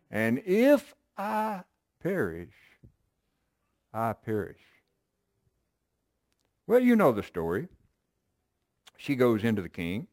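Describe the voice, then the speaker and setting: A man's voice: a little high, vocal fry, darkish tone, no room sound, studio quality. A man preaching a sermon, reading Bible verses and explaining them in an emphatic, conversational way, often checking with listeners.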